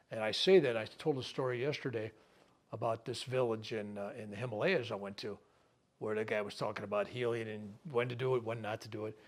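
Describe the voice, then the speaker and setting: Man, reverend, healing workshop teacher, folksy, conversational, joking, rhetorical questions, mid-range pitch. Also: a little mellow. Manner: acts out people's words in quick asides. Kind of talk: spiritual teaching talk to a live group.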